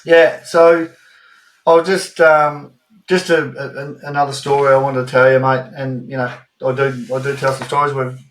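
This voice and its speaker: A man's voice: mid-range voice, level tone, moderate pace, a bit bright, poor audio. A man with an Australian accent co-hosting a podcast, telling a story in casual chat, swearing freely and rambling through asides. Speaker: podcast co-host.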